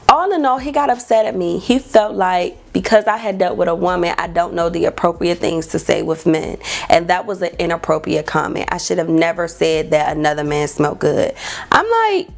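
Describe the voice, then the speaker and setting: A young woman, telling a dating story vlog and acting out quotes in a high voice. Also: animated, normal speed, vocal fry. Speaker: vlogger.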